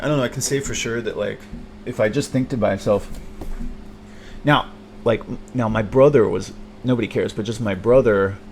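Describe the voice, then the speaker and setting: A man's voice: medium pitch, a little mellow, a little hiss or hum. Rambling, bitter man, self-deprecating. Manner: rambling, halting, self-deprecating, many restarts and fillers; bitter, frequent swearing. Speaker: vlogger. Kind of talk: confessional monologue.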